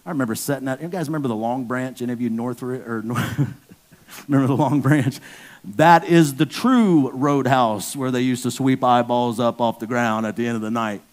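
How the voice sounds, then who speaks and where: This sermon comes from a man in his fifties with a mid-range voice and a moderate pace. As pastor he speaks candidly and tells stories, breaking into abrupt loud outbursts while acting them out.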